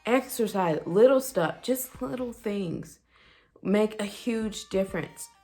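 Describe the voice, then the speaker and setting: Woman vlogger, unhurried and gravelly, chatty personal storytelling to camera with faint music underneath. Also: mid-range voice. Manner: chatty, animated, with frequent fillers and quoted dialogue.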